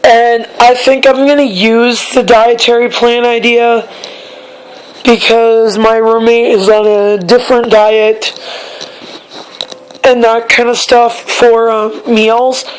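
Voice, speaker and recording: Slow, halting high-voiced young woman. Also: level tone, a little hiss or hum, low-quality recording. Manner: halting, repeats herself while finding words. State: hoarse. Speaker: vlogger. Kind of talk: casual personal vlog.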